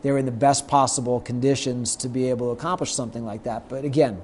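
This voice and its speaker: A middle-aged man, a guest on an interview show, telling anecdotes lively and acting out the lines of the people in them. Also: mid-range voice, quick pace, slight background noise. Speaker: guest, sports marketer. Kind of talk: storytelling in a podcast interview.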